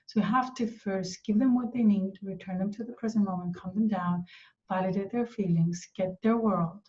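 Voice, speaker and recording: A woman answering a parent's question as a parenting coach, speaking calmly and gently and acting out what a parent might say to a child. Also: medium pitch. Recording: dull, slightly distant sound.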